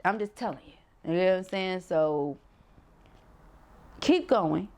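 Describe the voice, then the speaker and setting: A woman's voice: fairly low pitch, expressive, slow pace, darkish tone. Emphatic woman giving a tarot reading. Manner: emphatic, preachy, slangy with rhetorical asides. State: sore, burning throat. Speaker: tarot reader. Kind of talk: casual spoken tarot reading.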